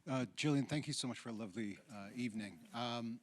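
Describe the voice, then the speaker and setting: A man's voice: medium pitch, quick pace, a little hiss or hum. A man politely asking a long question from the audience. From Canada.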